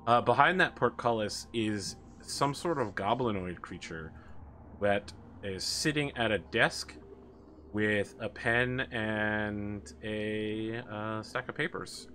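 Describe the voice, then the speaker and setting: Game master, male, casual narration, bright tone, faint background hiss. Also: lowish voice, takes it slowly. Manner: conversational with many "uh"s.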